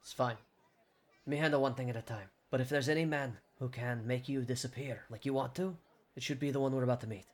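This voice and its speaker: A stern, commanding inquisitor, as a game master puts him on. He speaks in a measured way with a dry, sarcastic edge, in a mid-range voice. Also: medium pitch, steady tone, lightly acted.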